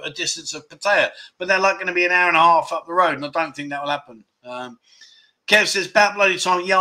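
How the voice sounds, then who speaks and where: A man hosting a casual livestream, his voice high and cutting. He reels off viewers' guesses one after another, excitable and chatty. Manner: excitable, runs through a rapid list of guesses. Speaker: livestream host. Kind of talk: casual livestream chat, reading out viewer comments. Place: his home in Pattaya, indoors.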